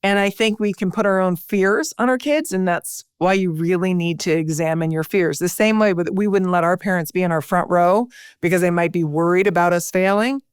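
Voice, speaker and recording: A middle-aged woman, a podcast guest, telling lively stories and acting out the voices she quotes. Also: fairly low pitch, a little fast, smooth, no echo, clean studio sound. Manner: animated storyteller, acts out quoted voices. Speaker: podcast guest, broadcaster and speaker. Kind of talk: conversational interview.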